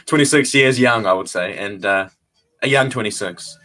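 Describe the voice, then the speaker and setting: A young man in his twenties talks straight to his viewers in a loose, chatty vlog. His voice is bright and forward, and he keeps things playful, laughing often. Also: fairly low pitch, fairly quick. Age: 20s. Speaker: vlogger. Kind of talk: casual vlog chat.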